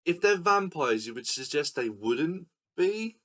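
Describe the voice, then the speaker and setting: A man's voice: fairly high pitch, big pitch swings, a little slow, fairly bright tone. A man co-hosting a casual film podcast, explaining scenes and acting them out in silly voices. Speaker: podcast co-host. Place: recording room.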